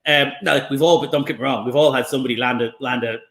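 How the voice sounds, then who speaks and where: A man chatting as a guest comedian, telling lively anecdotes with swearing and restarts over a video call. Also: medium pitch, racing, gravelly. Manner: animated storyteller, swears, restarts. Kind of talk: casual chat, anecdotes. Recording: echoey room.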